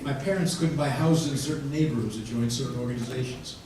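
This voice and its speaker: A man in his sixties, a rabbi doing stand-up comedy, telling jokes dryly with pauses before punchlines. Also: medium pitch. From United States. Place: large hall with audience. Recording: echoey hall from far off, room noise.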